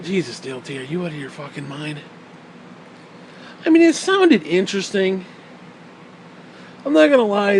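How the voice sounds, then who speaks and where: A man's voice: a little high, slight background noise. Profane, mocking man telling stories. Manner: profane, mocking, rambling with laughs. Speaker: storyteller. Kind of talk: casual ranting storytelling.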